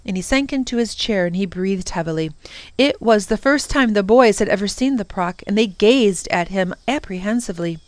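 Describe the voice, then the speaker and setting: A woman narrating a children's novel aloud for storytime, gentle and expressive. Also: mid-range voice, moderate pace, dry recording.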